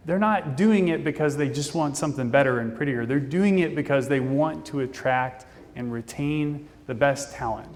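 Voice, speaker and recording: A man giving a fast, casual, jokey conference talk from a stage. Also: mid-range voice, darkish tone. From Indianapolis, Indiana, US. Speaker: conference speaker. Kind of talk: keynote presentation. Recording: long reverb of a conference hall.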